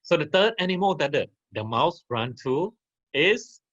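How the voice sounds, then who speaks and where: A man's voice: on the high side, big pitch swings, a little slow, a bit bright, dull audio. A man teaching an online class, telling a farmyard story and asking his listeners questions as he goes. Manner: interactive, asks the audience questions.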